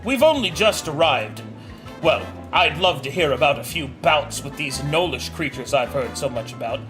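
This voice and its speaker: A game master voicing a slouching stranger who speaks in a low, formal, over-courteous way. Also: animated, moderate pace, music in the background, natural voice. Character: slouching polite adult stranger. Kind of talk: voicing a character in a tabletop game.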